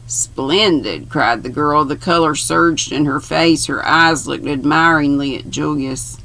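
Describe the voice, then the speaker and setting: An older woman reading a novel aloud, unhurried and pausing now and then to correct herself. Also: low voice, steady tone, creaky, a bit bright. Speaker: reader.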